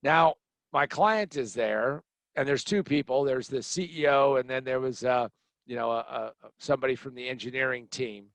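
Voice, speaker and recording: Middle-aged man, blunt storyteller, animated, dry close mic. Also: medium pitch, normal speed, no room sound. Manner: animated, blunt, acts out other people's lines. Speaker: podcast host telling a personal story. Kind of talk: storytelling monologue.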